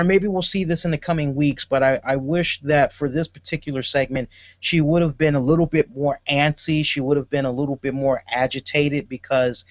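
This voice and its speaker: Guy rambling through a wrestling recap, kinda high voice, dry close sound. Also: no room sound. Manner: rambling and chatty, with many fillers. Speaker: wrestling show reviewer. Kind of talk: casual chat, show review. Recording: dull lo-fi audio.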